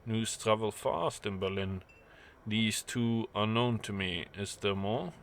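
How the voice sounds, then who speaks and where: A man's voice: fairly low pitch, fairly even intonation, slow, a bit bright, a little hiss or hum. A man voicing a courtly male information broker who speaks in a polite, ornate way. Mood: pleased.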